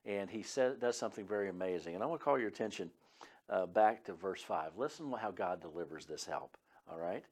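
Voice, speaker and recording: A man's voice: sits low, expressive, fairly quick, darkish tone. A man, a pastor and Bible teacher, preaching an earnest, emphatic sermon with frequent fillers. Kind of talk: radio sermon.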